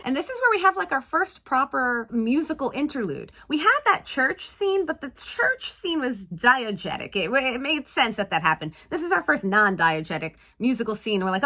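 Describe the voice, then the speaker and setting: Brief: playful woman host, sarcastic asides, lively high voice for a film-recap vlog. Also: normal speed, few pauses. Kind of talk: casual movie recap.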